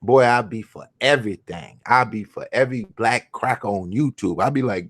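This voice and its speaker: A man hosting his own show goes on a crude, profane, mocking rant, shifting between shouting and muttering. He has a mid-range voice and talks at normal speed with few pauses.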